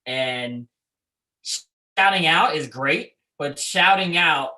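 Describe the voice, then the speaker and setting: A man's voice: a little high, slow pace, bright, forceful tone, poor audio. A man who leads a school, a guest in a casual leadership chat over a video call, explaining his points through examples in a conversational way. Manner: conversational, many fillers and restarts, explains with examples.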